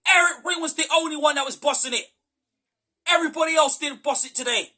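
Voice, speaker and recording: A man hosting a football fan podcast, ranting after a match, exasperated, repeating himself and at times shouting. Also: very high-pitched, quick pace. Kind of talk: post-match fan reaction rant.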